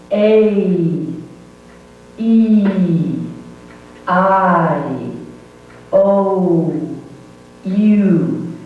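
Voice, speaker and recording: A woman teaching pronunciation who slowly models each vowel sound and patiently explains how the lips and jaw move. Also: fairly low pitch. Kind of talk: slow demonstrative pronunciation lesson. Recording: old VHS tape, distant roomy echo, dull with faint hum.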